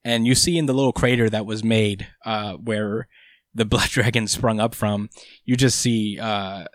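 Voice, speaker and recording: A man's voice: on the low side, steady tone, unhurried, no room sound, studio quality. A young man co-hosting a casual podcast, recapping a manga chapter in a rambling way with lots of fillers. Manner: rambling, filler-heavy retelling. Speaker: podcast co-host.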